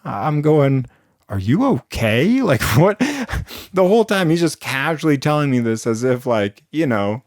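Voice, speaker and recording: A man's voice: on the high side, animated, normal speed, a little mellow, no room sound, clean studio sound. A young man improvising rambling comic stories, full of fillers and frequent chuckles. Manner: rambling, chuckles between lines, lots of fillers. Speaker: storyteller.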